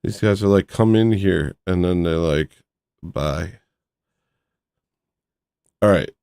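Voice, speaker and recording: Deadpan male streamer, low-pitched, dry close sound, rambling with fillers. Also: slow pace, vocal fry, clean tone, no room sound. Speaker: livestream host. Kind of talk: casual livestream banter.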